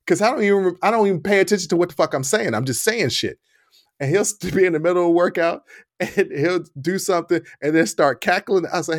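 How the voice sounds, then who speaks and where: A man's voice: sits high, quick pace, dry recording. A man co-hosting a podcast in a studio, telling casual, profane, laughing stories about his personal-training clients. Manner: profane, animated, laughing storyteller. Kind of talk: casual chat. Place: studio under hot lights.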